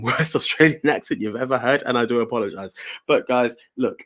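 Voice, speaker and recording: A man's voice: medium pitch, brisk, fairly bright tone. Chatty man hosting a podcast. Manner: chatty, self-mocking, explains rules step by step. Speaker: podcast host. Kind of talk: casual chat.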